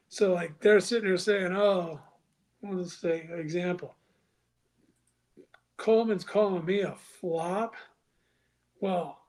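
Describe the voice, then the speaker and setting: A man guest on a podcast, telling a story casually and acting out other people's lines in a louder voice, with some profanity. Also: sits high. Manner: animated, acts out quoted dialogue with raised voice; crude, profane.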